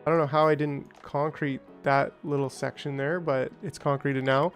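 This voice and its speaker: A man's voice: on the high side, level tone, normal speed, few pauses, clean tone, faint music behind. Chatty man narrating his gameplay. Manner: chatty, reads out and answers chat, rambling asides; playful silly greeting voices. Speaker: gaming streamer. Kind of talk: casual gameplay commentary.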